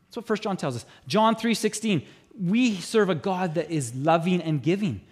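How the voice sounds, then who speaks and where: Lively, high-voiced male pastor preaching. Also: normal speed, slightly rough. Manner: animated storytelling, mimics voices in anecdotes. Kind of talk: sermon. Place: church auditorium.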